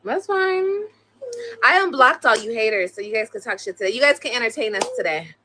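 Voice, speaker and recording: A woman's voice: a little high, lively intonation, fast talker, pushed and bright, a little hiss or hum. A young woman on a casual live stream, blunt and profane, scolding her children between complaints about critics. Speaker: livestreamer.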